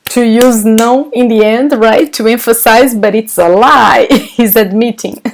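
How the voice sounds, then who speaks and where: A Brazilian woman with a Brazilian Portuguese accent leads a live online language lesson. She talks at an unhurried pace with a slightly high voice. She praises her students and laughs easily as she reads out their comments. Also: slight background noise. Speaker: language teacher.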